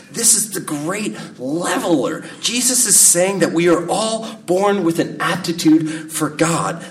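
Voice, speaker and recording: A man in his thirties preaching a sermon in a slow, measured way, letting his phrases fall soft at the ends. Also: medium pitch. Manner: slow, measured delivery with soft dropping endings. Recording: distant mic with faint room ambience.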